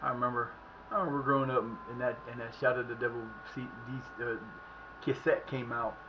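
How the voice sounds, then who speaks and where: A middle-aged man streaming live and chatting casually as he plays, excitable and profane, often yelling at the action. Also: medium pitch, a little fast, muffled recording, noisy background. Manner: excitable, profane, shouts at the play. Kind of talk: casual live commentary while playing.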